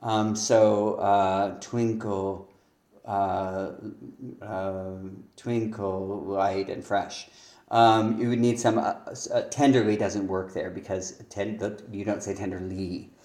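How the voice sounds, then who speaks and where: Low-voiced man giving lyric feedback. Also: little pitch movement, slow, darkish tone, echoey room. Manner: reads lines aloud then comments on stress, thinking aloud with fillers. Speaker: songwriting teacher. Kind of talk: reviewing lyrics aloud.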